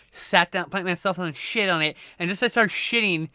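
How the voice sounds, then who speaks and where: A man's voice: high voice, moderate pace, sharp tone, smooth, dry recording, clean studio sound. A man hosting a livestream, telling a rambling, profane anecdote in casual chat, full of restarts and swearing. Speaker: livestream host.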